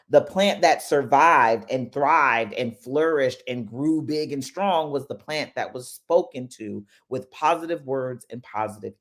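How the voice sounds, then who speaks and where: A woman hosting a casual motivational talk in a chatty, animated way. She tells stories with lively asides and speaks straight to her listeners. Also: extremely low pitch. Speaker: host.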